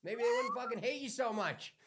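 A man mimicking a shrill mocking woman cashier. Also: lively intonation, a little fast, a bit bright, full character voice. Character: brash seated woman cashier mocking a coworker.

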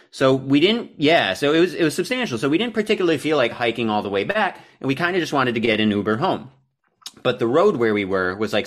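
Exasperated and profane, a young podcast co-host drags out a long, casual story while mocking himself along the way. He speaks at medium pitch, and his tone is fairly bright.

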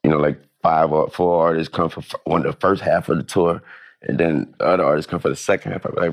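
Male interview guest, very low and gravelly voice, rambling, casual. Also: fairly even intonation, fast, no echo. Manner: loose, rambling delivery with many restarts and fillers.

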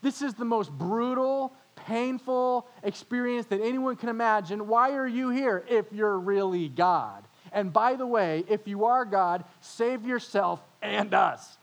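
A man preaching voices a condemned criminal who shouts mockery, raising his voice high and loud. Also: measured pace, few pauses. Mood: taunting. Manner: taunting, shouting. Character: jeering condemned man mocking Jesus.

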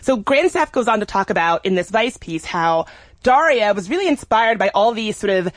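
A woman's voice: mid-range voice, lively intonation, moderate pace, no echo. Woman, podcast co-host, casual enthusiastic chat, dry close sound.

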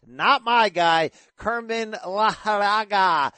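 A man with a high-ish voice hosts casual podcast chat with enthusiastic, joking energy. His sound is dry and close, with no room in it. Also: slow, bright, forceful tone, no echo. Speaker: boxing podcast host.

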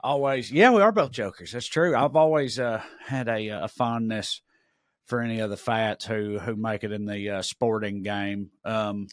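A man's voice: fairly low pitch, normal speed, no echo, studio quality. A man hosting a comedy podcast, joking about himself in casual chat and trailing off with fillers. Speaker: podcast host.

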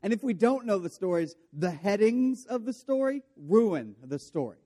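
A man delivers a sermon in a relaxed, joking way, slipping into quick voices for each character as he retells the story. His voice sits somewhat high for a man. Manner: storytelling, voicing characters with jokey asides. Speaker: pastor.

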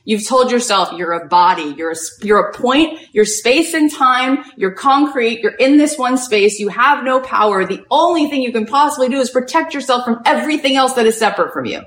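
A woman's voice: a little high, brisk, hardly any pauses. A woman hosting a podcast, giving an inspirational talk and telling a story with lots of "like" in her speech. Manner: animated storytelling, heavy use of "like". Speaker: podcast host and retreat leader. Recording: echoey room.

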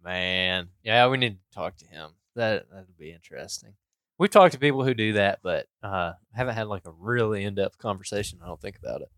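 A man's voice: lowish voice, animated, fairly quick, fairly bright tone, no room sound. A man co-hosting a hunting podcast, recounting a hunt in a laid-back, casual way. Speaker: podcast co-host.

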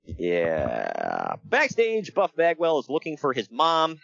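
A man's voice: mid-range voice, huge pitch swings, slow, vocal fry, fairly bright tone, no echo, highs cut off. A man co-hosting a podcast, recapping wrestling in a jokey casual chat, laughing often.

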